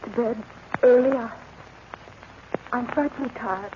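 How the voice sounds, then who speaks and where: An actress playing an earnest young governess who frightens easily, in a breathy, theatrical 1940s radio-acting style. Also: female voice, fairly high pitch, unhurried, lightly acted. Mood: uneasy. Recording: muffled, hissy old radio recording.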